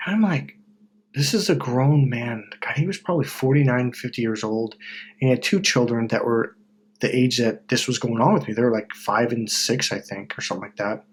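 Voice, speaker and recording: A middle-aged man hosting a self-help video in a casual, blunt monologue, swearing freely and breaking into loud mocking voices when he quotes people. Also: mid-range voice, fairly quick, a little hiss or hum.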